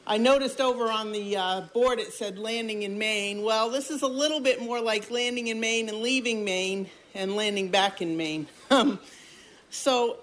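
A woman's voice: on the high side, normal speed, a little hiss or hum, rough recording. Hesitant woman opening a story. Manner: hesitant, many ums and uhs, friendly. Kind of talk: live storytelling introduction.

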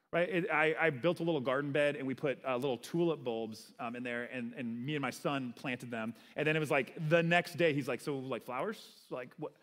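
Conversational young preacher in a reverberant hall. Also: male voice, a little high. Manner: conversational, animated preaching with frequent "right?" asides. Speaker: pastor. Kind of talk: sermon. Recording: long reverb of a large hall.

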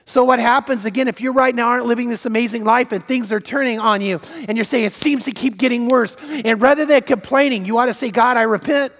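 High-voiced emphatic preacher in a reverberant hall. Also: male voice, a bit bright. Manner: emphatic preacher, repeats key phrases, acts out quotes. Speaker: pastor. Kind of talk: sermon.

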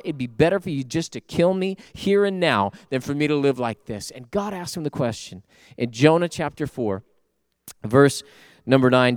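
A man preaching a sermon as pastor, swinging emphatically between loud bursts and soft, quiet stretches, speaking to listeners at home. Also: fairly high pitch, no room sound, clean studio sound.

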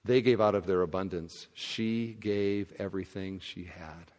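Jesus, low and patient, as a pastor puts him on, softly setting his puzzled followers straight. The voice is a steady, mild teacher, sounding through a church hall with a long echo. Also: measured pace. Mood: calm.

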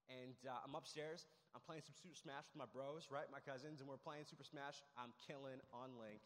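A man's voice: a little high, brisk, few pauses. Casual young male preacher in a reverberant hall. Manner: casual, storytelling, frequent "like" and "right?". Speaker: pastor. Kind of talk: sermon with personal stories.

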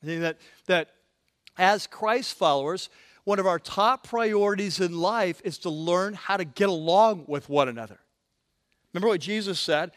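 Male pastor, slightly high voice, conversational sermon delivery with restarts. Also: moderate pace. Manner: conversational preaching, frequent restarts.

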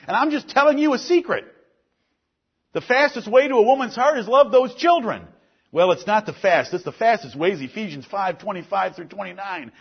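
A man's voice: sits high, breathy edge, lo-fi sound. A man preaching a sermon as pastor, building emphasis through repeated lists.

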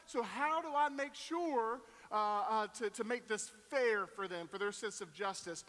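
High-voiced folksy male preacher, echoey hall. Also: unhurried, few pauses, a bit bright. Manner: folksy, self-deprecating storyteller with fillers and voiced quotes. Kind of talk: storytelling sermon.

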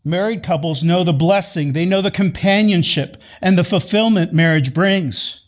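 A man preaching a sermon in a measured, emphatic way, repeating key phrases for weight. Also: high-pitched. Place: church sanctuary.

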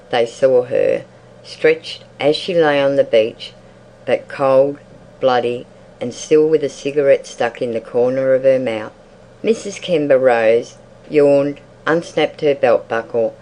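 A reader narrating a literary short story in a measured, even audiobook style. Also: medium pitch, low-quality recording.

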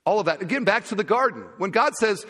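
Male pastor, animated preacher, slightly high and lively voice, church hall with a long echo. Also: quick pace. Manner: animated, acts out little dialogues. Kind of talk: sermon. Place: church sanctuary.

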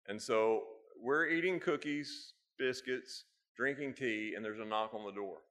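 An American man delivering a sermon to a congregation, easy in his storytelling. His voice is mid-pitched and ordinary, and it climbs into loud, high bursts when the story turns funny or urgent. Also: measured pace. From United States. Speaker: preacher. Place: church hall with a live congregation.

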